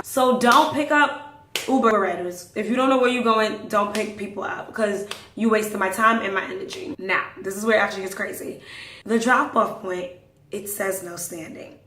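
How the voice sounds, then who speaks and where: A woman hosting a podcast, telling stories casually in an animated way, acting out the dialogue and dropping into hushed asides. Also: mid-range voice, moderate pace. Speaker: podcast host. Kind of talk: casual storytelling. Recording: roomy echo.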